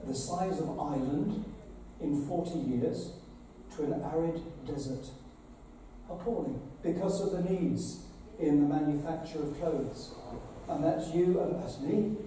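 A man's voice: a little high, unhurried, mellow. A man, a bishop, giving an earnest, conversational address to an assembly, with dramatic retellings. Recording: very echoey hall, voice from far off, faint noise.

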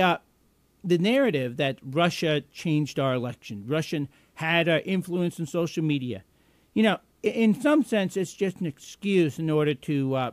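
A man with a notably high voice hosts a live political show, ranting sarcastically. He is combative and indignant and stumbles through fillers. The sound is dry and close to the mic. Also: no echo. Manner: many fillers and restarts. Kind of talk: political commentary rant.

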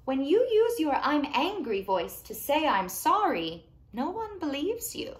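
A woman's voice: high voice, very animated, a little slow, echoey room, voice pushed up. A woman doing a patient kindergarten teacher. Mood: gently firm.

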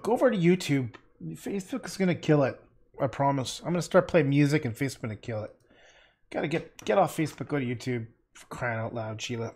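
A man's voice: fairly high pitch, lively intonation, normal speed, breathy edge. A man painting on a livestream, rambling and muttering to himself, tossing in playful nonsense words and casual swearing. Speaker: painter streaming live.

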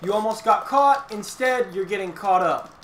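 Slightly bright and high-pitched, speaking at an ordinary pace, this gamer swears and talks trash at friends during a fighting game, playing mock commentator in relaxed let's-play chatter. Faint hiss and room echo color the recording.

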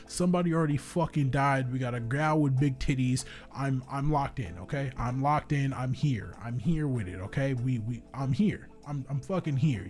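A young man narrates a story game, reading its lines aloud and then erupting into excited, swear-filled reactions. His voice is mid-pitched, with soft music playing underneath. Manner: profane, hyped, excitable. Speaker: gaming YouTuber. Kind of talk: let's play commentary and reading game text aloud.

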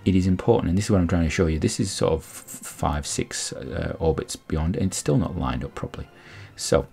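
With a low-pitched, mellow voice and noticeable vocal fry, a man narrates a space game a little fast. His casual commentary rambles, explaining every step as he goes, with lots of restarts.

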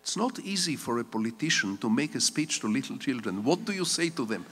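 A man's voice: mid-range voice, sing-song, a little fast, few pauses, fairly bright tone, faint music behind. An older man giving a public lecture as a guest speaker, a digressive storyteller with wry humor. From Israel. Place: stage of a large conference hall. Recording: long reverb of a lecture hall.

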